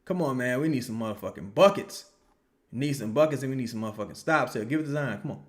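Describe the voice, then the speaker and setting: A young man giving casual, profane live reaction commentary on a basketball game, answering viewer questions and yelling at plays. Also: medium pitch, fast talker. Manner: profane, animated, yells at plays. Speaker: live game watch-along streamer.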